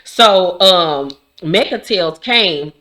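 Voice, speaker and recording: Bright-voiced woman recapping a TV episode. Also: fairly low pitch, drawn-out words. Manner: profane, animated, acts out characters' lines. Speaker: recap vlogger.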